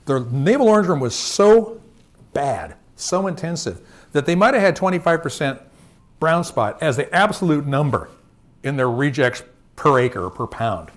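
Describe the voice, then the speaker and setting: A man's voice: a little high, expressive, moderate pace. Man giving a chatty slide presentation. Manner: conversational, checks in with frequent "okay?"; tells field anecdotes. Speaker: industry presenter. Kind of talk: live slide presentation to growers.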